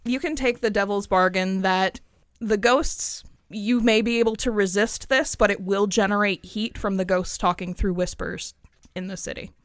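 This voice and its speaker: A woman narrating a tabletop game as game master, relaxed and conversational. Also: medium pitch, moderate pace, no room sound. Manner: relaxed, conversational, with frequent "like" fillers.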